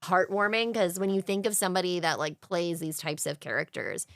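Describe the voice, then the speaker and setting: A young woman co-hosts a casual podcast chat, recounting things with gushing, emotional enthusiasm. Her voice sits on the low side. The recording is dry and close, with no room sound. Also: a little fast, fairly bright tone, dry recording. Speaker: podcast co-host.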